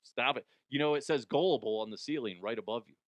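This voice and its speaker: A man's voice: mid-range voice, fast, a little mellow, no room sound. A man hosting a comedy news show, rambling in a jokey, self-interrupting way. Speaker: podcast host. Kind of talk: casual comedic commentary.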